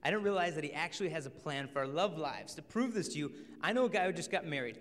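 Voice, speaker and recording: A man's voice: fairly high pitch, quick pace. Jokey young man in a big hall. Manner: lively, jokey, acts out quoted people. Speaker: speaker on chastity and dating. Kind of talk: humorous storytelling talk to an audience. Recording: long hall reverb.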